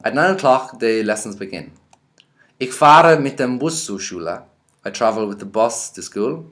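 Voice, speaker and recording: An Irish man teaching a vocabulary lesson, reading each word out and then explaining it in a relaxed, chatty way. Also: mid-range voice, normal speed. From Ireland. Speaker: language teacher.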